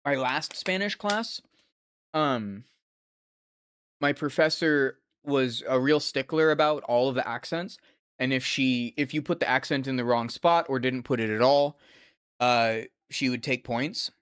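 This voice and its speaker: A young man rambles through a game stream in a relaxed, profane way and drifts from topic to topic. His voice sits at an average pitch. The sound is close and dry, with no room echo. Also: measured pace, smooth. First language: English. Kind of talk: casual gameplay commentary.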